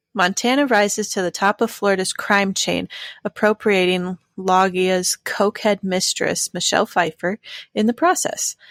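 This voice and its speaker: A woman co-hosting a podcast, chatting casually about a film, relaxed and laughing often, reading a synopsis aloud at times. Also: medium pitch, creaky, no room sound, clean studio sound. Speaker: podcast co-host.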